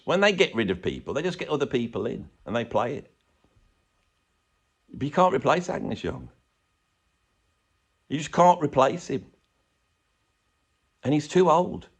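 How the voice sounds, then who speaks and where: A man's voice: mid-range voice, big pitch swings, unhurried, pauses often, breathy edge. A man giving a rambling, sarcastic, comedic rant as a YouTube commentator. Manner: rambling, sarcastic, self-mocking.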